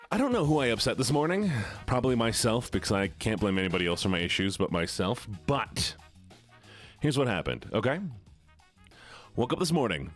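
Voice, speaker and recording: A man livestreaming, chatting casually and greeting viewers one by one in a playful, teasing way. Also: mid-range voice.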